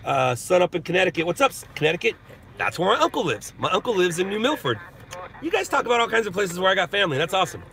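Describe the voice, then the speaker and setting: A man's voice: sits high, sing-song, fast talker, gravelly, pushed and bright. A middle-aged man from Southern California hosting a casual live stream, chatting and laughing as he answers viewers. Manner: rambling, chatty, laughs often. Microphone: phone.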